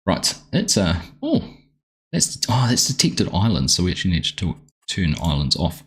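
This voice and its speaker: A deep-voiced Australian man with a husky edge to his voice, streaming a game live from home. He chats in a loose, rambling way and greets viewers by name as he goes. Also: wildly swooping pitch, normal speed. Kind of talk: casual live-stream chat.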